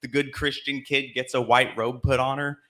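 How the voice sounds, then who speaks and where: A man's voice: medium pitch, little pitch movement, moderate pace, sharp tone. A man from Alabama hosting a live storytelling show on a theater stage, telling a comic story in a chatty way and laughing between lines. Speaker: host.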